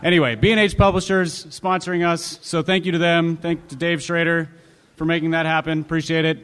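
Man co-host, slightly high voice. Dry and wry, deadpan jokes. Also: brisk, clean tone. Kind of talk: live podcast banter. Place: live stage show before an audience.

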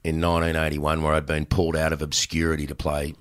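An Australian man in his sixties, a former cricketer, telling animated stories in casual chat and swearing freely. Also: rumbling low, quick pace. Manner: animated, acts out exchanges in raised voice, swears freely. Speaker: podcast guest, former cricketer.

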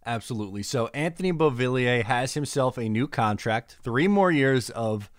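A young man co-hosting a casual sports podcast, upbeat, moving briskly between chat and sponsor reads. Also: medium pitch, lively intonation, dry recording, studio quality. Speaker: podcast co-host.

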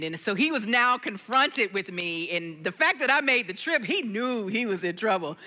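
Woman preacher telling a story in a sermon, high voice that jumps all over the place, animated. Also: normal speed, hardly any pauses. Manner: storytelling, animated, acts out quotes.

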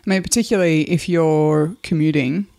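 A woman's voice: sits low, brisk, vocal fry, mellow. A woman co-hosting a casual podcast, upbeat and chatty, explaining things at length. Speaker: podcast co-host.

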